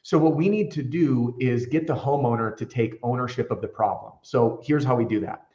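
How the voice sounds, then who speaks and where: A man's voice: mid-range voice, normal speed, mellow, reverberant, muffled recording. A man who trains roofing salespeople tells candid stories with energy in a casual interview, acting out the dialogue he quotes.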